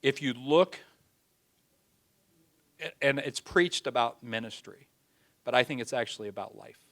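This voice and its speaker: Brief: male preacher, sermon delivery, folksy talk, mid-pitched voice, builds loud then drops to a hush. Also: animated, unhurried, creaky. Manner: dramatic, swings from loud pleading to hushed; folksy everyday phrasing.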